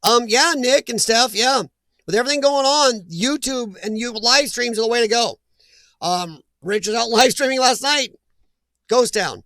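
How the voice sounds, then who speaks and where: High gravelly man chatting on a livestream. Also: moderate pace, pushed and bright, dry recording. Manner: chatty, laughs often, reads viewer names aloud. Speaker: livestream host reading chat. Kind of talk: casual live chat.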